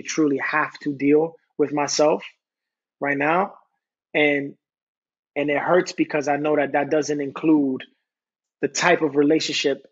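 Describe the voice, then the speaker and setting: A man's voice: a little high, slightly rough, dull audio. A man guest on a podcast, candidly telling a personal story in an earnest, rambling way. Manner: earnest, rambling, reciting his own lyrics. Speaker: podcast guest, singer-songwriter.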